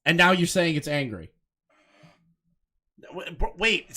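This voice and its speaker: A man's voice: a little high, lively intonation, measured pace, long pauses, bright, forceful tone. A man doing casual live commentary on clips, talking in a heated, profane and mocking way. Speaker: commentary streamer.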